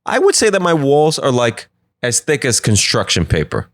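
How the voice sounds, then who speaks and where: A man hosting a solo comedy podcast from his apartment, rambling from joke to joke with quick asides. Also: mid-range voice, wildly swooping pitch, no room sound, studio quality. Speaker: podcast host.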